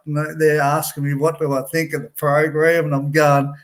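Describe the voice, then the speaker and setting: A man telling his own life story in a halting way, full of restarts and repeated words, laughing wryly at his memories. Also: a little high, steady tone. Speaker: person recounting his time in a residential program. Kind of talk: personal storytelling.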